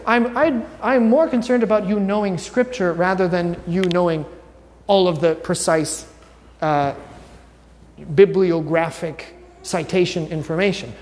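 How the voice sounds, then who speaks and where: Pastor preaching in a reverberant church. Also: male voice, high-pitched, darkish tone, a little hiss or hum. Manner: asks the congregation questions, informal and wry. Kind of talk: conversational teaching sermon. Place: church sanctuary.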